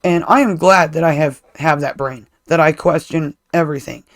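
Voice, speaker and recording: A man with a fairly high, gravelly voice talks loosely on a podcast. He rambles through restarts and drops casual swear words. He speaks as a co-host and a parent. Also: normal speed, fairly bright tone. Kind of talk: casual chat.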